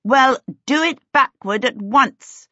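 A woman voicing an impatient, bossy teenage girl apprentice witch who sounds sharp and exasperated, in a storybook reading. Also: sits high, takes it slowly, no echo, voice pushed up, heavily acted. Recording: dry, slightly dull recording.

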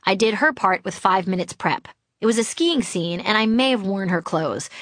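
A woman's voice: medium pitch, lively intonation, moderate pace, a bit bright, no echo. Woman narrating her own memoir; dry, wry, self-mocking delivery in a dead studio. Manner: wry, self-deprecating storytelling.

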